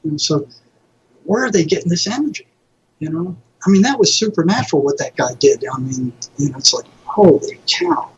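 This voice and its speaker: A man, a mental health counselor, telling lively anecdotes as a guest in an interview and acting out what others said. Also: a little high, brisk, a little hiss or hum. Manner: animated anecdotes, acting out quoted people. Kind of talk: conversational storytelling. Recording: dull lo-fi audio.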